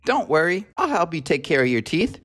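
A man voicing a tiny, kind male mouse in a children's storybook, in a high, gentle voice. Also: very animated, a little fast. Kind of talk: storybook character voice.

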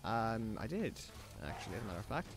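A man's voice: lowish voice, sing-song, fast. An Irish man doing jokey, self-deprecating let's-play commentary, sounding stressed. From Ireland. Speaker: gaming YouTuber.

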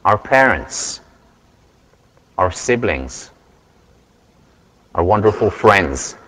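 A man giving a university lecture, earnest and measured, telling stories to make his point. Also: deep voice, very animated, fairly bright tone. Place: large lecture hall. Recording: lecture hall with long reverb.

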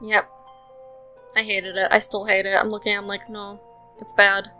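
A woman's voice: mid-range voice, monotone, normal speed, sharp tone, faint music behind, poor audio. A young woman rambling casually with lots of fillers, giving voice-over commentary on a building game. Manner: rambling, chatty, lots of ums and likes. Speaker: Sims speed-build commentator.

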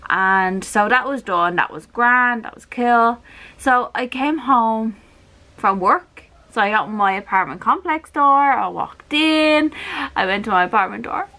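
A woman with an Irish accent vlogging an unboxing at home, rambling and gushing with excitement. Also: on the high side, a little slow. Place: her apartment.

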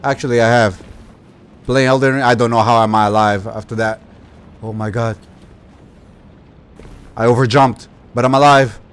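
A young man giving live gameplay commentary, exasperated and yelling at the game, with mild cursing. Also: mid-range voice, steady tone, moderate pace, long pauses, clear, resonant tone. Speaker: gaming YouTuber.

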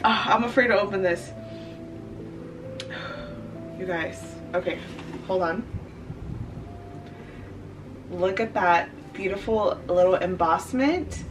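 A young woman author talking casually to her camera, warm and chatty, with bursts of gushing excitement and breathy gasps. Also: mid-range voice, slow pace, long pauses, music in the background. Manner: gushing and breathless, many gasps and nervous laughs. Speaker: author and book vlogger. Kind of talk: casual vlog talk to camera.

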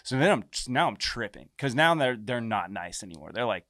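A man's voice: medium pitch, fairly quick, no echo. A man telling a wild story in casual chat, recorded close and dry with no room sound. His voice sits in a middle register. He swears freely and jumps into the voices of the people in his story. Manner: animated, swears a lot, acts out quoted lines. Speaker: podcast guest, musician.

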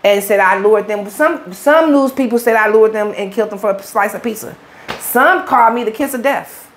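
A woman's voice: fairly high pitch, normal speed, a little hiss or hum. Blunt, profane woman telling her story. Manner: blunt, profane street talk. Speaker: interview guest. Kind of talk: candid storytelling interview.

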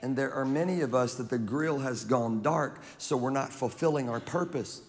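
A man from Louisiana preaching a sermon as pastor, animated and joking, with crowd banter. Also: mid-range voice, moderate pace. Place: large church auditorium. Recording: long reverb of a large hall.

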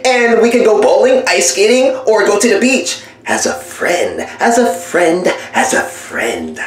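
A woman's voice: mid-range voice, lively intonation, measured pace, close to an everyday voice. A woman playing a smug young boyfriend in a comedy voiceover skit, taunting and dismissive as he breaks up with his girlfriend. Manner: taunting, dismissive, repeats a catchphrase. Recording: very echoey room.

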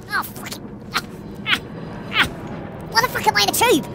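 A woman's voice: very high voice, lively intonation, moderate pace, gravelly, long pauses, very noisy. A woman giving let's play commentary while playing a horror game, panicky, swearing constantly and laughing nervously, with game music behind her.

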